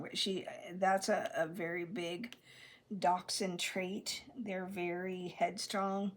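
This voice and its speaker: A middle-aged woman, chatting casually while she crafts. She rambles with many restarts and drops into soft whispered asides. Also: lowish voice, takes it slowly. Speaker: crafting vlogger.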